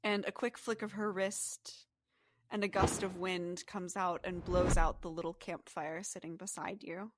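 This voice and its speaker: A woman's voice: fairly low pitch, steady tone, measured pace, noisy background. Woman narrating as game master. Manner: descriptive, softly paced.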